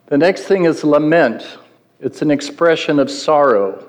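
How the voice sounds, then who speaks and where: A man's voice: a little high, lively intonation, unhurried. A middle-aged man preaching a sermon in an earnest teaching manner, putting questions to his listeners. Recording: long hall reverb.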